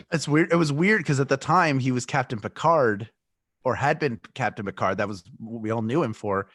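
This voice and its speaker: A man co-hosts a podcast in loose, casual chat. He rambles, cuts himself off and throws in jokes. His voice sits at an average pitch and sounds dry, with no room echo. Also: moderate pace, a bit bright. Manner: rambling, self-interrupting, joking. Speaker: podcast co-host.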